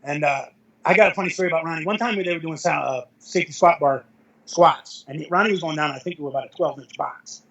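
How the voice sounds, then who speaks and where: A man's voice: on the high side, quick pace, a bit bright, lo-fi sound. A middle-aged man, a veteran powerlifter, telling rambling anecdotes as an interview guest, with self-corrections and chuckles. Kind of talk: casual storytelling interview.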